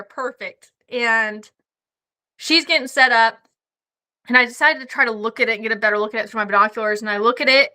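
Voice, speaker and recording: A woman tells hunting stories as a podcast guest, her voice high and bright. She swears freely and laughs her way through the tale, talking casually. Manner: profane, laughing anecdotes. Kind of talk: casual storytelling.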